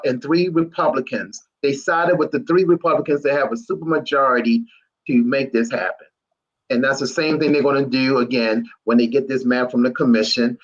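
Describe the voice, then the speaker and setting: A man on a political panel lays out a local story in an earnest, halting way, often restarting his sentences. His voice sits at an ordinary pitch. The recording sounds slightly dull and lo-fi. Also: a bit bright. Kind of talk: political discussion.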